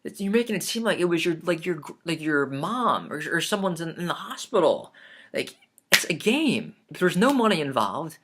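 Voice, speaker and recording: A man's voice: on the high side, very animated, moderate pace, heavy background noise. Indignant man ranting in confessional. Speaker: online game contestant.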